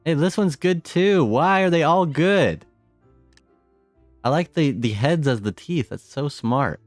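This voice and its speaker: A man giving live gameplay commentary as a streamer, excitable, repeating short phrases and exclaiming often. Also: on the high side, unhurried, dry recording, soft background music. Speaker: game streamer.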